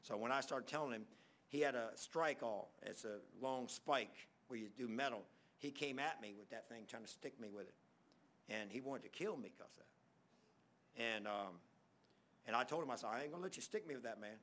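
A man's voice: medium pitch, normal speed, a bit bright. Man preaching a rambling sermon. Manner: rambling storytelling, speeding up in bursts.

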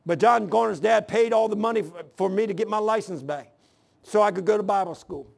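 With a high-pitched voice and a brisk pace, a man in his sixties delivers a church sermon. He combines scripture with his own testimony, telling it earnestly and folksily, and his grammar is rough.

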